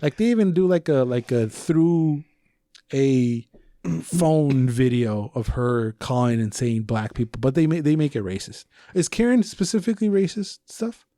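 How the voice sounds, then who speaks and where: A young man on a casual podcast, telling a story with lots of swearing and acting out the lines he shouted. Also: medium pitch, unhurried, no echo, studio quality. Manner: profane animated storytelling, acts out shouted quotes. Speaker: podcast co-host.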